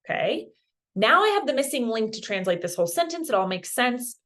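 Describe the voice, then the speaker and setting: A woman's voice: on the high side, very animated, fairly quick, fairly bright tone. A woman from Colorado teaching a beginner Spanish lesson online, chatty and encouraging, dropping Spanish words into her explanations. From Colorado, USA.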